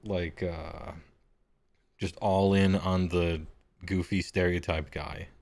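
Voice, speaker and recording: Game master, man, very low voice, rambling and self-deprecating table talk. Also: fairly even intonation, takes it slowly, darkish tone. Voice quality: deep voice. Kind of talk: casual chat before a live-streamed game.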